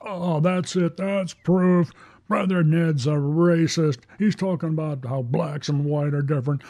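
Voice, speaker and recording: A man voicing an indignant adult male critic who is quick to accuse. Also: a little high, voice pushed up. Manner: excited, accusatory.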